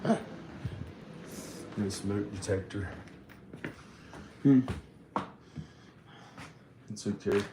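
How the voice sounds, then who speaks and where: A man's voice: fairly low pitch, drawn-out words, pauses often. A man rambling to himself while working around a house, then ranting bitterly. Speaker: vlogger. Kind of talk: rambling monologue to camera. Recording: echoey room with background noise.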